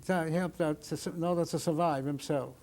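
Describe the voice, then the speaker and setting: Older man survivor in oral history testimony, somewhat high voice, halting, plain storytelling. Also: fairly even intonation, darkish tone. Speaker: Holocaust survivor interviewee.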